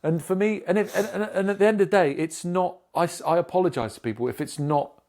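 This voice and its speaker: A man's voice: sits high, fast talker, darkish tone. A man from Britain, a podcast co-host in casual chat, telling stories animatedly with lots of swearing and acted-out dialogue.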